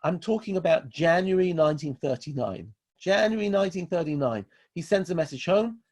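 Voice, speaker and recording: A man's voice: on the high side, normal speed, darkish tone. A man from England, a rabbi giving a Torah lecture in an emphatic way, repeating key phrases to drive them home. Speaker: rabbi teaching a class.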